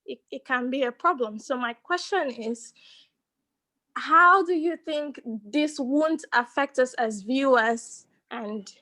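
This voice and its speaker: A woman's voice: high-pitched, slow pace, sharp tone. A woman asking a panel question in a hesitant way, searching for her words. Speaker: audience member asking a question.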